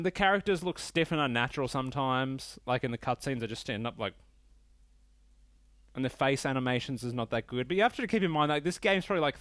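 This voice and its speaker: A man's voice: medium pitch, fairly bright tone, clean tone, no echo. Male podcast host, casual and profane, rambling rants, dry and close. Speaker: podcast host reviewing games. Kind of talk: casual solo podcast talk.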